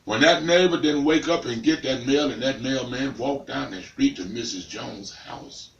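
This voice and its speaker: A man telling a comic tale in an animated, dramatic way, talking straight to the listener. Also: mid-range voice, moderate pace, vocal fry, roomy sound, distant mic, lo-fi sound. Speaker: storyteller.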